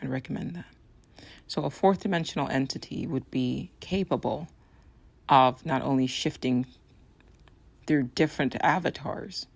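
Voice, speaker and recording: A woman hosting a solo podcast, talking in an earnest, persuasive way with a raspy, hoarse voice. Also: a bass voice, darkish tone. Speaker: podcast host.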